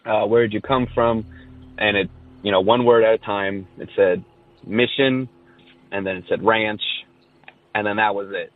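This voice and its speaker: Caller: a rambling man from Southern California with a lowish voice, heard through a dry, tinny phone line. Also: steady tone, moderate pace, long pauses. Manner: rambling storyteller, many fillers. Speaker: caller sharing a ghost story. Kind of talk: casual recorded voice message.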